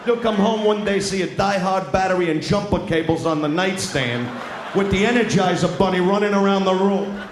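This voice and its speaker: A man doing a crude stand-up routine in front of a live audience. He is loud and brash, taunts people in the crowd and often shouts. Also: sits high, normal speed. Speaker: stand-up comedian. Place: large live venue with an audience. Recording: echoey live show with crowd noise.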